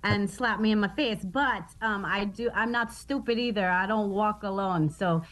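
A woman's voice: medium pitch, normal speed, fairly bright tone, poor audio. A woman guest comedian on a radio show, joking in a brash, casual way.

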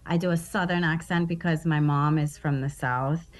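Lively, witty American woman comedian. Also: low-pitched, normal speed. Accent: Baltimore with Trinidadian traces. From East Baltimore, USA. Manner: lively, laughing, witty storyteller. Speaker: comedian guest. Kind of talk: casual interview chat.

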